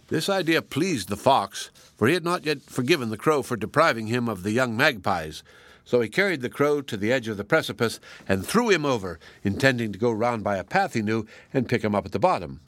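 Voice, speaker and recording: A man reading a fairy tale aloud as narrator, steady and measured. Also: medium pitch, no room sound. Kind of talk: storybook reading.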